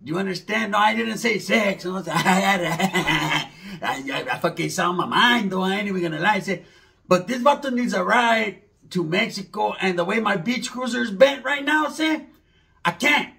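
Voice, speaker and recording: A man's voice: sits high, normal speed, creaky, pushed and bright, full character voice. A man doing a stammering, stoned cousin. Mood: rambling. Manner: stammering, mumbling, full of ums and restarts. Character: stoned stammering cousin, young man, fumbling favor-asker.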